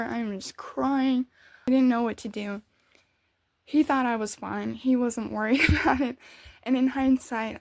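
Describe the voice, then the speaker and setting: A young woman telling a personal story in an animated, emotional way, often laughing. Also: a little high, no echo, clean studio sound. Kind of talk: storytime monologue.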